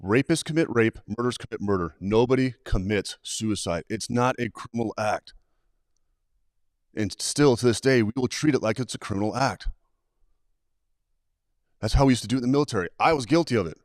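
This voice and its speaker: A man's voice: medium pitch, fairly quick, pauses often, no room sound, studio quality. A man who trains people in suicide prevention, talking as a guest on a live show and telling stories animatedly, acting out the dialogue. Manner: animated, acts out quoted dialogue.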